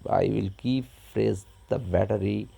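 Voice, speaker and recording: A man narrating an unboxing step by step in a halting, plain way. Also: on the low side, gravelly, mellow, breathy edge. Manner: halting, plain, describes each step as he does it. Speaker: unboxing vlogger.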